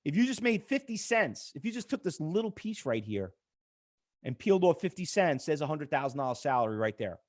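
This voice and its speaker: A middle-aged man on the high side of pitch talks fairly quickly while teaching trading live over an on-screen chart. He's an animated storyteller who acts out the exchanges he quotes.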